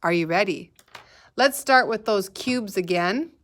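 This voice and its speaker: A woman's voice: medium pitch, a bit bright. A woman teaching a kindergarten math lesson, speaking patiently and asking the children to repeat words after her. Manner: slow, patient, sing-song prompting for children to repeat. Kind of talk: recorded remote lesson.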